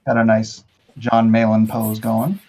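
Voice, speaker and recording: A man's voice: lowish voice, level tone, a little slow, mellow. A man hosting a casual livestream chat, joking and laughing often. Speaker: host.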